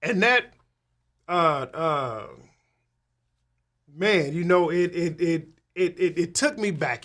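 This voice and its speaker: With a slightly high voice, this tax professional talks to his audience slowly and with frequent pauses. His casual, rambling style includes many restarts and repeated "right?", becoming animated whenever he retells a conversation.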